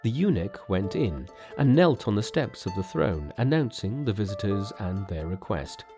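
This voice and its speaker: A man reading a story aloud as narrator, in an expressive, measured way. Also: lowish voice, music in the background. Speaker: audiobook reader.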